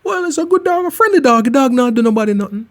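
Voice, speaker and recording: A man's voice: expressive, quick pace. A man voicing a defensive dog owner who begs to bring the dog along. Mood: pleading. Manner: whiny, high, protesting.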